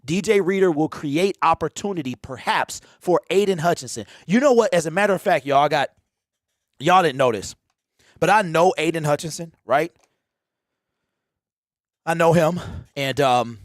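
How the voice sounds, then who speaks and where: A man's voice: fairly high pitch, lively intonation, normal speed, pauses often, no room sound, studio quality. A man in his forties hosting a fan livestream, rambling and teasing his chat in a casual rant. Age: 40s.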